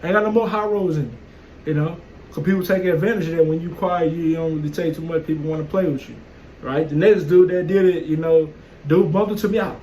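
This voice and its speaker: A man's voice: a little high, fairly even intonation, quick pace, mellow, slight background noise, low-quality recording. A man telling a casual, profane story in a blunt, streetwise way. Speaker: vlogger. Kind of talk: casual monologue.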